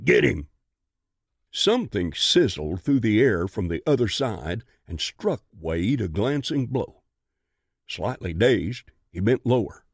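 A man reads a western audiobook in a slow, measured way. His voice sits a little low and is recorded dry and close, with no room sound. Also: very animated, breathy edge, no echo. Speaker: narrator.

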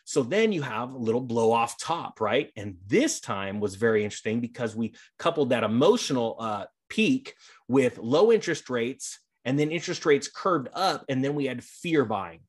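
A middle-aged man hosting a casual commentary vlog, energetic and sarcastic, rambling as he reads and reacts. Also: mid-range voice, normal speed, husky. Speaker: real estate YouTuber.

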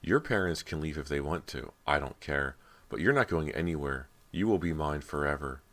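A man's voice: rumbling low, expressive, moderate pace, fairly bright tone, exaggerated voice. A man voicing a cruel, lonely ghost girl in a horror audiobook, cold and menacing.

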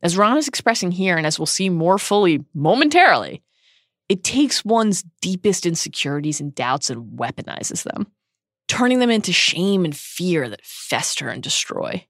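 Woman co-host reading a book essay aloud, measured and earnest, dry close mic. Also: fairly low pitch, sing-song, no room sound. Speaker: podcast co-host.

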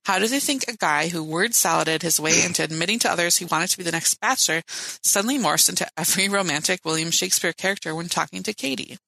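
A woman's voice: on the low side, fast, vocal fry, bright, forceful tone, dry recording, low-quality recording. A woman co-hosting a podcast, chatting casually and reading out listener questions in a laid-back, giggly way. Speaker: podcast co-host.

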